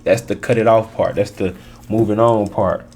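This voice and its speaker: Male tarot reader, lowish voice, emphatic and repetitive, casual street slang. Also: steady tone, moderate pace, creaky, a little mellow. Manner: preachy, emphatic, repeats phrases, slangy.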